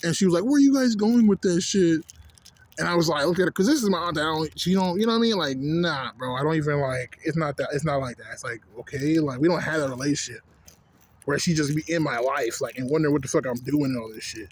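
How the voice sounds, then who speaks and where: Husky twenty-something guy ranting, swears a lot, rambles, bit of a high voice. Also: fast. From Canada. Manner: profane, rambling, full of "you know what I'm saying". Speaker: vlogger. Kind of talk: casual rant.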